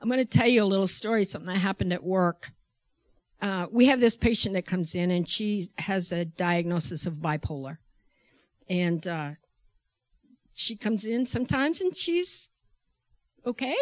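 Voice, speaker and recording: Animated woman telling a testimony, dry sound. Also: medium pitch, normal speed, pauses often, dry recording. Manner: animated, laughs often, acts out the people she quotes. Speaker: healthcare worker. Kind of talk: personal testimony storytelling.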